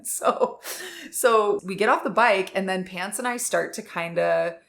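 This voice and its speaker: A young adult woman co-hosting a podcast, telling a story in casual chat, animated and laughing, acting out quotes with big leaps in her voice. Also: medium pitch, measured pace, vocal fry. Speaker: podcast co-host.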